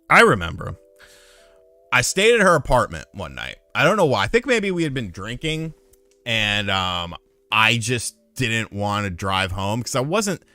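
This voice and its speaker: Profane, lively man telling a story. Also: lowish voice, dry recording. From lived in North Carolina. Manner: profane, animated, loud when retelling a fight. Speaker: streamer. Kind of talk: casual storytelling on a live stream.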